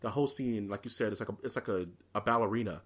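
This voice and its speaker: A man's voice: fairly low pitch, fast. A man hosting a podcast, retelling movie scenes in casual chat and acting out lines as he goes. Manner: animated, acts out movie lines mid-story. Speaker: podcast host.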